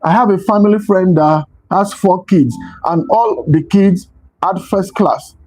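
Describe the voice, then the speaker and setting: A man's voice: high voice, unhurried, darkish tone, soft background music, rough recording. A man giving a motivational talk as host, stressing points by repeating them. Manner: emphatic, repeats key phrases.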